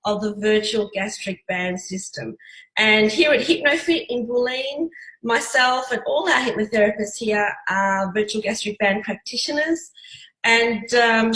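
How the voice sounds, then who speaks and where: An Australian woman hosts an interview with a bright, fairly high voice. She introduces her guest with open enthusiasm and keeps the conversation moving. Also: roomy sound, poor audio. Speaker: interviewer and host.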